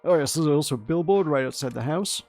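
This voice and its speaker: A man's voice: a little high, expressive, fast talker, a little mellow, faint music behind. A man reading the lines of a kindly, teasing grandmother character from a narrative game, in a casual read-aloud manner.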